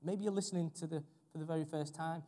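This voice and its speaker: Preacher with a mellow voice in a reverberant church. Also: male voice, a little high, fairly even intonation, fast talker. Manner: earnest, repeats phrases for emphasis. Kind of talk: sermon. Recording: long hall reverb.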